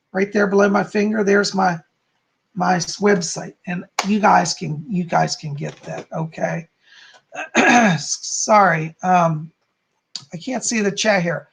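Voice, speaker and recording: A high-pitched, hoarse man, a psychic running a casual live stream, keeps clearing his throat while he rambles and reads chat messages with plenty of fillers.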